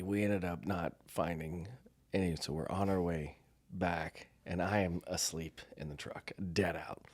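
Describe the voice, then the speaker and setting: With a deep, husky voice and no room sound, a middle-aged American podcast co-host tells a story casually. He's an animated narrator who acts out the lines of the people he describes.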